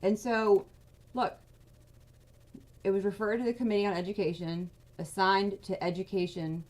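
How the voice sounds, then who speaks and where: A fired-up woman with a twang rants through casual political commentary, her voice sitting at an ordinary middle pitch. She vents in quick, agitated bursts, talking straight to her viewers. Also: steady tone, a little mellow. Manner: agitated, venting, rapid bursts of outrage. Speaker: political advocacy vlogger.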